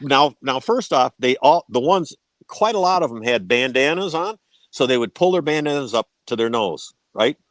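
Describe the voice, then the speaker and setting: A man's voice: medium pitch, expressive, normal speed, dry recording. Man swapping war stories. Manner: swears freely, tags sentences with "right?", restarts words. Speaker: podcast guest. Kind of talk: casual storytelling.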